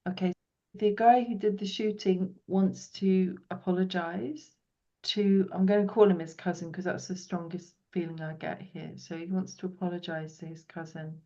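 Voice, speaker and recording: A woman with a fairly low voice talks a client through what she senses, soft and earnest. She often sinks to a hushed tone. The sound is dull and lo-fi. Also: steady tone, normal speed. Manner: soft, earnest, drops to a hush when relaying visions. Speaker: podcast host and property healer. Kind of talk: intuitive reading in conversation.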